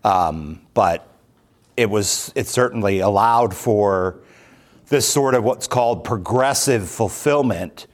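A man leading a Bible class as pastor, talking it through slowly with many pauses, ums and restarts. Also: lowish voice. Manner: slow, thoughtful, many fillers and restarts. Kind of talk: unscripted Bible class teaching.

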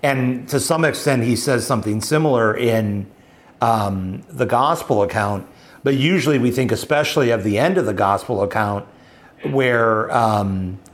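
A man leading a Bible study, explaining scripture in a thoughtful, halting way with many pauses and fillers. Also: medium pitch.

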